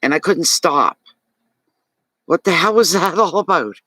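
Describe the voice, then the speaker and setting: A man's voice: a little high, lively intonation, measured pace, bright, forceful tone, no room sound, poor audio. A man with a Maritime Canadian accent giving a live tarot reading, talking chattily and animatedly to his viewers and answering chat comments. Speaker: tarot reader.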